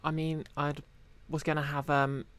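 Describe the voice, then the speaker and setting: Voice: medium pitch, level tone, a little slow, a bit bright, clean tone. A streamer, chatting casually to viewers while playing, rambling with many fillers. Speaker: game streamer.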